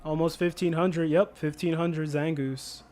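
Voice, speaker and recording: A man's voice: on the high side, fairly even intonation, a little slow, a little mellow. A man streaming a video game, chatting casually and jokingly with viewers, laughing often. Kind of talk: casual livestream chat.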